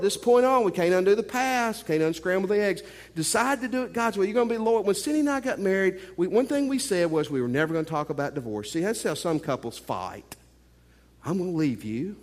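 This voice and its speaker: Male pastor, sermon, emphatic with playful jokes; slightly high voice, long hall reverb. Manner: joking, emphatic preacher with playful asides.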